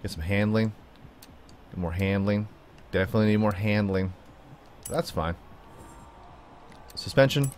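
A man's voice: normal speed, long pauses, slight background noise. A man giving playful, chatty gameplay commentary, talking to his car and his viewers. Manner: playful, chatty, talks to the car and viewers, jumps into high silly tones. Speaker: gaming YouTuber.

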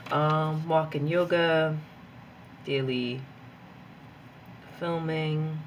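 A young woman talks her way through her daily planning in a loose, rambling chat. She is chatty and easily excited, with faint noise under the voice. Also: deep voice, very slow. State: hyped up on coffee. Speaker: planner vlogger; graduate student and teacher. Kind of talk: casual chat while journaling.

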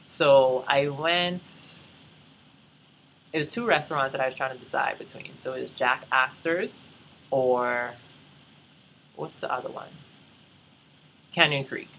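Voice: medium pitch, a little slow, pauses often, a bit bright, slight background noise, low-quality recording. A young adult from the Bahamas, telling a rambling, chatty travel story and talking straight to viewers. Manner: chatty, addresses viewers as y'all, rambling asides. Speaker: vlogger. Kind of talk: casual travel vlog storytelling.

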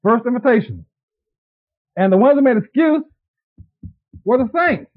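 A pastor with a notably high, expressive voice preaches a conversational sermon, turning to the congregation with quick questions. The recording sounds dull and lo-fi, like an old tape of a church service.

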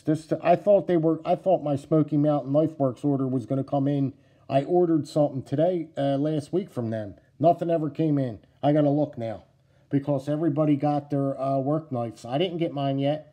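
A middle-aged man with a New Jersey accent chatting casually to camera about knife collecting, excitable and repetitive, calling his viewers "guys" and "yous.". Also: a little high. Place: at home indoors.

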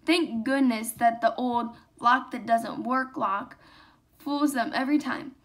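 A woman's voice: a little high, unhurried, a bit bright. A young woman voicing a sour, suspicious young girl in a storybook read-aloud.

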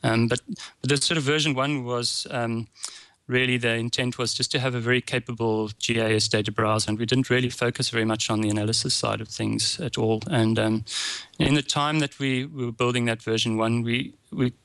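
South African man, halting and dry. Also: medium pitch, level tone, gravelly, a bit bright, no room sound. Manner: hesitant, many fillers and restarts. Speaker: guest, open source developer. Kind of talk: podcast interview answers.

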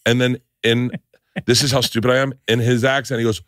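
A man's voice: mid-range voice, fairly quick, dry recording, clean studio sound. A man hosting a podcast in casual chat, telling stories with lots of swearing and acting out the scenes himself. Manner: animated storyteller, swears freely, acts out scenes. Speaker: podcast host.

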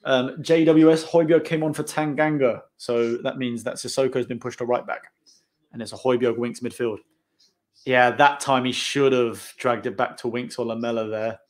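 Brief: man, mid pitch, football reaction host, casual excitable chat. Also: moderate pace. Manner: excitable, calls out play as it happens. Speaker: channel host. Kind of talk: live football watch-along chat.

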